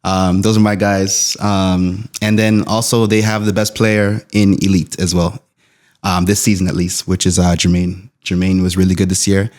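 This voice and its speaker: Deep easygoing man on a sports panel. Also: level tone, moderate pace, a little mellow. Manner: easygoing, agreeable, lots of ums. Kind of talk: casual sports chat.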